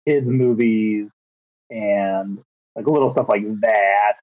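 A man's voice: on the low side, takes it slowly, no room sound, phone-quality sound. A man on a podcast chatting about movies in a rambling way, full of fillers. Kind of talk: casual movie chat.

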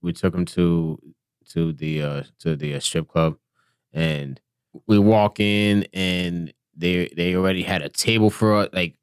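A man who is a combat veteran, speaking in casual chat with a stutter and halting restarts. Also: low voice, clear, resonant tone, no room sound, studio quality. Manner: stuttering, halting, trails off quietly.

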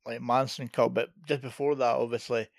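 A Scottish man talking films in a relaxed, easygoing way, often answering with a quick "aye". His voice has a gravelly, fry-laden edge. He adds details to the story in short bursts. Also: mid-range voice, no echo, studio quality. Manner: relaxed, chiming in with short agreements. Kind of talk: casual film chat.

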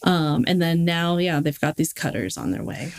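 A woman talks through a show's plot in a relaxed, reasoning tone, leaning on fillers as she thinks aloud. Her voice is on the lower side for a woman. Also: normal speed, gravelly. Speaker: podcast co-host. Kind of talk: casual TV recap chat.

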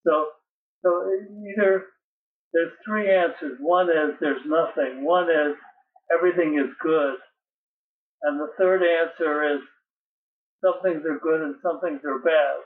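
Slow, reflective poet on a phone line. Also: male voice, a little high, reverberant, distant mic. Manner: measured, reflective, with hesitant restarts when talking freely. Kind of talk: poetry reading and interview answers.

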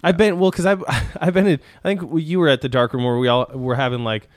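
A man's voice: medium pitch, flat delivery, fairly quick, no echo, studio quality. A man co-hosting a podcast, talking in a rambling, casual way with plenty of swearing and laughter. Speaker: podcast co-host. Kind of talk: casual chat.

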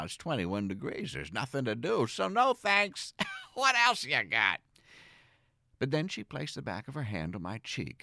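A middle-aged man delivering a scripted comic monologue as a podcast host, earnest and whimsical, with sudden excited jumps. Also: on the low side, dry recording, studio quality.

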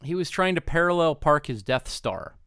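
A man's voice: fairly high pitch, lively intonation, normal speed, sharp tone, clear, resonant tone, no echo, studio quality. A man co-hosting a podcast, telling corny jokes and laughing often in casual banter. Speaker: podcast co-host.

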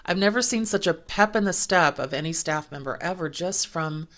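A woman hosting a podcast, telling workplace anecdotes in a lively, chatty way and acting out the people she quotes. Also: lowish voice, normal speed. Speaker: podcast host. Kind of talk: casual storytelling chat.

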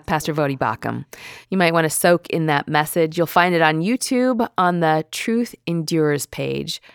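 A woman with a low, gravelly voice co-hosts a podcast. She speaks candidly and confessionally, and her voice sounds dry and close to the mic. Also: lively intonation, moderate pace, dry recording. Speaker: podcast co-host. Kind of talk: casual podcast chat.

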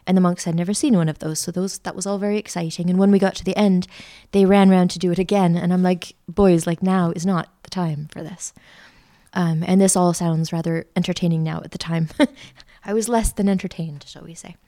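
A middle-aged woman, a podcast guest telling a lively travel story with lots of fillers. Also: on the low side, a little fast, few pauses. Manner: chatty, animated anecdote-telling with many fillers. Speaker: interview guest, art school founder. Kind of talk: casual storytelling.

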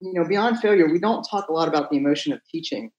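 A man's voice: a little high, animated, fast talker, a little mellow, echoey room, dull audio. A man who teaches at a college, a guest on a podcast, explaining his views in a thoughtful, reflective way. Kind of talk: conversational interview.

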